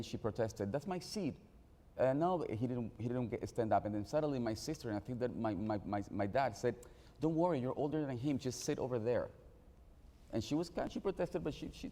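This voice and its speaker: A man recounts a family memory at a press launch. His voice is mellow and relaxed, and he trips over his words and restarts again and again. A long reverb trails every phrase. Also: lowish voice. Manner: halting, many repeated restarts. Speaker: panel speaker. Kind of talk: personal anecdote on a panel. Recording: reverberant hall.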